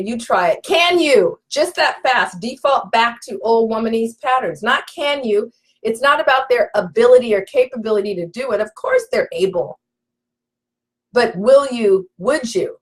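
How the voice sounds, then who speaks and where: A woman relationship coach giving an emphatic live session, talking straight to her audience. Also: fairly high pitch. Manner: emphatic, preacherly, addresses audience directly.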